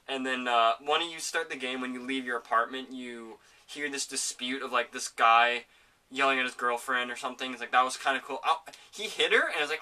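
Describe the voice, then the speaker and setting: A man hosting a casual home podcast, rambling excitedly about a video game and swearing often. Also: mid-range voice, quick pace, far from the mic. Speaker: podcast host. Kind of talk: casual gaming chat.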